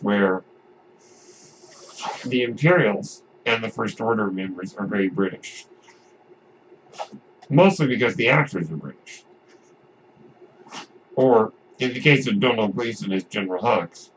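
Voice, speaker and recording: Low-voiced man chatting about movies. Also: fairly bright tone. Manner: rambling, with frequent restarts and asides. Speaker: podcast host. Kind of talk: casual film commentary. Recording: dull lo-fi audio with faint noise.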